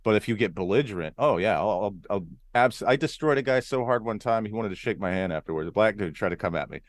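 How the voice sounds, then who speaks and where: A man from Arizona, a comedian guest, telling stories in a casual podcast chat with an animated delivery, now and then jumping into voices. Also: fairly low pitch, fast talker, no room sound, studio quality. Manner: animated storyteller, jumps into character voices.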